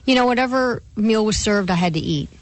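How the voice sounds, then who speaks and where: A woman's voice: mid-range voice, lively intonation, brisk. A woman co-hosting a radio talk show, chatting and making wry remarks. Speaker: radio co-host. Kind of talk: casual radio banter.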